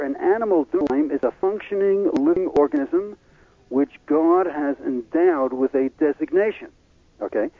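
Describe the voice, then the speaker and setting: A man giving an explanatory lecture as a religious teacher, halting often with fillers and restarts. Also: on the high side, dry recording. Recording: tinny phone-line radio audio.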